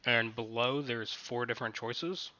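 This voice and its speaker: Slow, bright-voiced male game master. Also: medium pitch, steady tone, dry recording, dull audio. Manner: halting, restarts and corrects his sentences. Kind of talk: narrating a tabletop game playtest.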